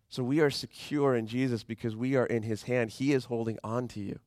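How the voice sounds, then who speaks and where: A man preaching a sermon as pastor in a conversational, animated way, slowing down when he reads scripture. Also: mid-range voice, dry recording, studio quality.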